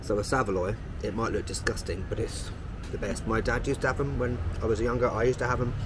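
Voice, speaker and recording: This London-accented travel vlogger, a man in his thirties from London, England, speaks quickly in a steady mid-range voice over background noise. He films himself on trains, streets and in a chip shop, chatting casually with a cheeky, self-mocking humor.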